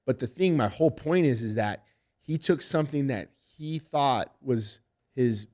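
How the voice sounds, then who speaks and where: With an unhurried, mid-range voice, a middle-aged man, a fight coach and MMA head coach, recounts stories in a casual podcast interview. He tells them with animation and lots of heavy swearing.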